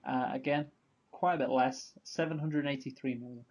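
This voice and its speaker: A man's voice: medium pitch, steady tone, moderate pace, darkish tone, highs cut off. A man co-hosting a film podcast, casually teasing his partner and giving plain answers. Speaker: podcast co-host.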